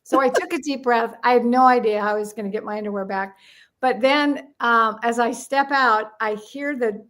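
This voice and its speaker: A woman's voice: on the high side, moderate pace. An older woman from the United States, a guest telling stories in an interview and acting out the voices in them. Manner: animated, acts out voices in her stories. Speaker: guest, numerologist. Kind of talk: storytelling in a chat interview.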